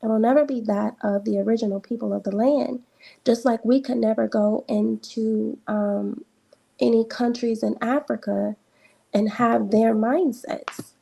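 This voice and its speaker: A woman speaks in a firm, measured way as she gives her views. Her voice is gravelly and husky, with a dark, mellow tone. It sits a little higher than most women's voices. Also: fairly even intonation. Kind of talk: opinionated commentary.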